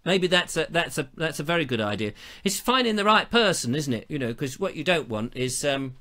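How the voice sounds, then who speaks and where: Lively, bright-voiced host. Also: male voice, on the high side, a little fast. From England. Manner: chatty, theatrical storytelling with playful asides. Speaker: show host. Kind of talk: casual live-stream chat.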